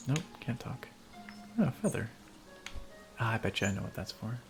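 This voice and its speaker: A man's voice: mid-range voice, lively intonation, normal speed, soft background music. A man casually chatting and laughing as he streams a game, rambling between thoughts. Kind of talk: casual gameplay commentary.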